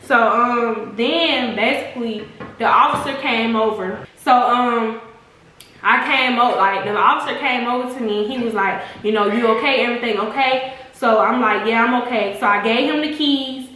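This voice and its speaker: A young woman, a vlogger, telling a story in a chatty, rushed way. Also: on the high side, sharp tone. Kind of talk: casual storytelling to camera. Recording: very echoey room.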